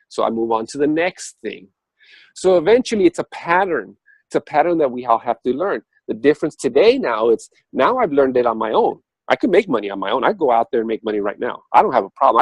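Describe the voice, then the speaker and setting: A man's voice: slightly rough, no echo, low-quality recording. A man in casual spiritual talk, telling his story conversationally with many fillers and restarts, his voice jumping up sharply when he gets worked up. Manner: animated storytelling with sudden jumps up in pitch. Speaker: speaker on a spiritual talk show.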